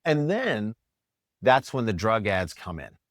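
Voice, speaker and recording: A middle-aged man with a low, deep voice, chatting as a podcast guest. He tells his story in an animated way and slips into the voices of people he quotes. The recording is close and dry, with no room around it. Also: a little slow, no echo. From New York. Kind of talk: casual interview storytelling.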